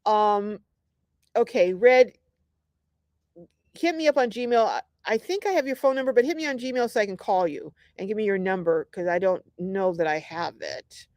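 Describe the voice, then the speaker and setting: A woman's voice: mid-range voice, expressive, normal speed, a little mellow, dry recording, clean studio sound. A middle-aged woman hosting a casual livestream, chatty and upbeat, reading out viewer comments with lots of ums. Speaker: livestream host.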